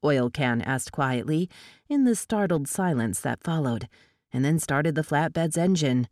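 A woman narrating a novel aloud in a steady, measured storytelling manner. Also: low voice, no echo, studio quality. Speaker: audiobook narrator.

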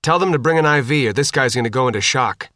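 A man voicing a steady soldier in an audiobook, calm and reassuring as he tends a survivor. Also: medium pitch, quick pace, dry recording, studio quality, close to an everyday voice. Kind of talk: audiobook character voice.

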